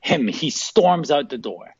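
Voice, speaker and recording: A man's voice: a little high, measured pace, slightly rough, no room sound. Man telling a story down a dull phone line. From South Africa. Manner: animated, laughing anecdotes with acted-out quotes. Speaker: phone-in guest. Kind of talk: casual storytelling.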